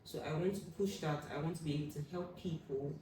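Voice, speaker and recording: A young adult woman telling a personal story as an interview guest, acting out what people said with sudden loud high bursts. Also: fast, distant mic. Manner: animated, acts out quoted voices with sudden loud high bursts. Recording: echoey room, voice from off the mic, faint room hum.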